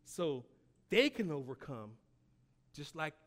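A male preacher with a high, sweeping voice that leaps up and drops low. He takes his time, pausing between emphatic phrases. He calls on his listeners to repeat after him and builds to loud peaks. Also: sing-song. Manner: call-and-response preaching, rising to shouts; slow, emphatic phrasing with long pauses. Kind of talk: sermon.

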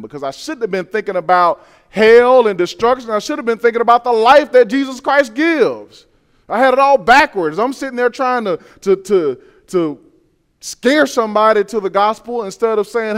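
A man delivering a sermon in a notably high voice. He preaches with animation, slips into quoted voices, and trips over repeated words as he builds his point. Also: normal speed, clean tone. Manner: many repeated word restarts.

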